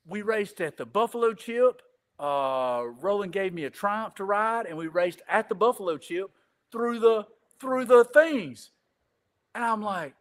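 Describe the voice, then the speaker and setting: Animated, high-voiced rambling male storyteller. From Greenville. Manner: rambling, repeats "I said", swears casually. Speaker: podcast guest. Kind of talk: casual storytelling interview.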